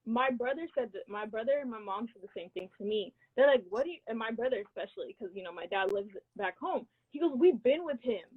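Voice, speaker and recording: Young woman co-host, husky and a bit high, animated storyteller, phone-quality sound. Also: quick pace, hardly any pauses. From United States. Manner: animated storyteller, laughs often. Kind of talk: casual chat. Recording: tinny phone-like line.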